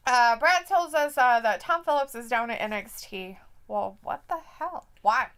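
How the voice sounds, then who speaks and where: A woman's voice: fairly high pitch, animated, moderate pace, fairly bright tone, clear, resonant tone. A woman co-hosting a live watch-along stream, chatting casually, reading comments aloud and laughing often.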